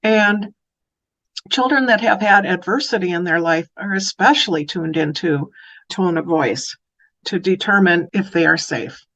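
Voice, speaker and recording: A woman speaking as an early childhood educator, giving an educational talk that turns animated when she acts out phrases to children. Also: fairly low pitch, unhurried.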